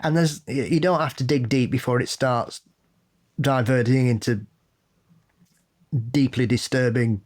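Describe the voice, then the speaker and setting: A man co-hosting a podcast, chatting casually in a blunt, sweary, opinionated way that builds into animated rants. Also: medium pitch, unhurried, pauses often. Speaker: podcast co-host. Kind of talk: casual chat.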